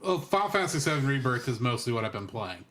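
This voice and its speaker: A man's voice: medium pitch, very animated, fast talker, a bit bright. A man co-hosting a podcast, chatting casually with short, laid-back replies. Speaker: podcast co-host. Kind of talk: casual chat.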